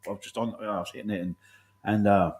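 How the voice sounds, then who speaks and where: A man's voice: lowish voice, steady tone, fast, a little mellow, roomy sound, rough recording. A man telling army stories in casual chat, swearing often and laughing as he goes. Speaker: podcast host.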